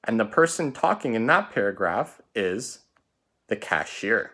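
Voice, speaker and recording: A man's voice: on the low side, sing-song, unhurried, bright, forceful tone. A man teaching a recorded writing lesson, explaining punctuation step by step in a patient way and often checking in with "right?".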